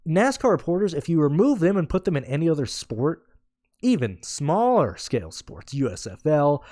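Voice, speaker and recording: A man's voice: fairly high pitch, sing-song, normal speed, dark tone, no room sound, studio quality. A man ranting in a casual podcast, blunt and sarcastic, swearing freely and rambling with restarts. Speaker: podcast host. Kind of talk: casual rant.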